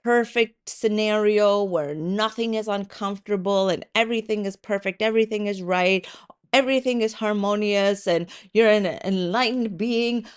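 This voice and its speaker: A woman's voice: mid-range voice, normal speed, clear, resonant tone. A woman hosts her own podcast in a loose, conversational way. She tells a story with plenty of "like" and "um," swears now and then, and slips into little voiced asides. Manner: conversational, with frequent likes and ums. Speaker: podcast host and coach. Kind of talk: casual solo podcast talk.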